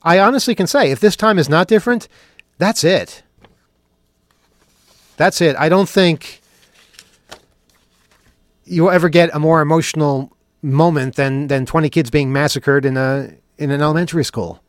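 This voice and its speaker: A man's voice: on the high side, normal speed, pauses often, no room sound, clean studio sound. A man hosting a talk show, riffing sarcastically with mock questions and then turning earnest. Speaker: podcast host. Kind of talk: opinionated talk show monologue.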